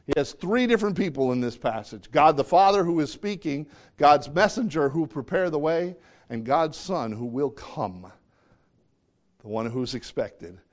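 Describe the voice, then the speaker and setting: A man preaching a sermon, reading scripture and acting out quotes, swinging between hushed and loud delivery. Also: on the high side, animated, normal speed.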